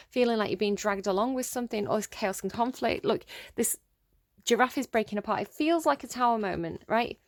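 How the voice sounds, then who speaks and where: A woman giving a casual tarot reading, thinking aloud with many ums and restarts and growing excited over the cards. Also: a little high, no room sound, clean studio sound. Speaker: tarot reader.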